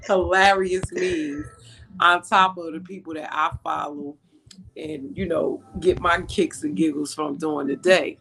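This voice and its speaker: Woman, panel host, casual online chat, slow unhurried delivery, laughs often. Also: on the low side, vocal fry, fairly bright tone. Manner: slow, drawn-out, laughing storyteller.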